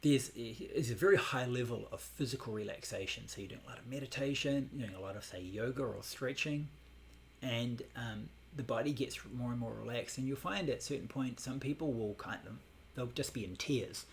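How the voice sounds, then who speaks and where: A man teaching a Buddhist meditation class, explaining in a relaxed way with many fillers. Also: mid-range voice, brisk, creaky, a little hiss or hum.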